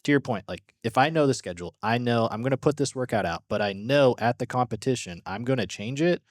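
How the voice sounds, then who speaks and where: A man's voice: mid-range voice, lively intonation, fast, no echo, clean studio sound. A man co-hosting a podcast in a casual, laid-back way, often agreeing and letting sentences trail off. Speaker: podcast co-host. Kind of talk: casual chat. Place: gym.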